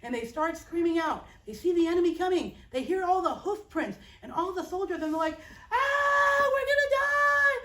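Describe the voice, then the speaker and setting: A woman teaching children, telling a Bible story in a lively, playful and expressive way. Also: very high-pitched, a little fast, hardly any pauses. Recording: roomy, distant mic.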